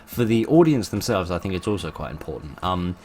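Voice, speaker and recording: A man's voice: sits low, sing-song, a little fast, dark tone, a little hiss or hum. A man hosting his channel, talking informally and thoughtfully, with many fillers and restarts. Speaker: channel host.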